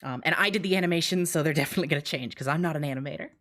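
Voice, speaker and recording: A young woman streaming live, out of breath and rushing through an excited walkthrough of her game mode, laughing between phrases. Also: low-pitched.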